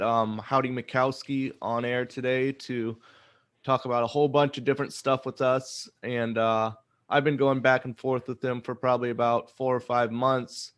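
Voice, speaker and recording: A man's voice: medium pitch, level tone, normal speed, fairly bright tone. A man hosting a podcast, chatting casually and rambling with frequent self-corrections. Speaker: podcast host. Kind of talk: casual chat. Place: Oregon.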